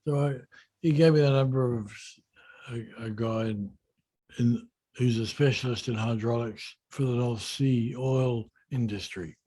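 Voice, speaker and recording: A man, a yacht designer in an interview, telling a story in a relaxed, unhurried and self-deprecating way. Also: medium pitch.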